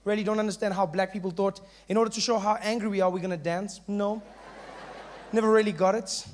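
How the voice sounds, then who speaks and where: A man's voice: high-pitched, fast talker. A South African man doing stand-up, telling stories with punchy asides. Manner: animated storytelling with punchy asides. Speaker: stand-up comedian. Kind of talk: stand-up comedy.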